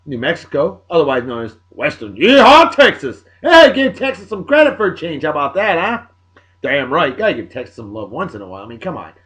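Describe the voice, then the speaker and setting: A man, hosting a show and giving rowdy, salty shout-outs to friends in a casual rambling way. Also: mid-range voice. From Martha's Vineyard, Massachusetts. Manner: boisterous, salty, hollers catchphrases.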